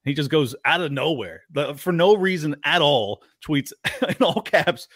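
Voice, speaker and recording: A man's voice: expressive, a little slow, fairly bright tone, no echo, studio quality. A man talking politics as a podcast guest in casual chat, incredulous and mocking. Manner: incredulous, goes sharply higher when mocking.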